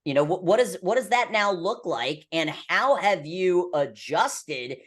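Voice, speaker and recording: A man's voice: high-pitched, expressive, measured pace, a bit bright. A man hosting a casual interview podcast, offering short affirmations and asking long, rambling questions.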